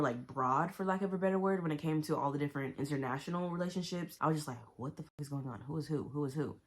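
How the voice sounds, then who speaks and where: A woman vlogging a blunt, profane, animated book review in casual slang. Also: sits low. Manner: talks to herself and the viewers with slang.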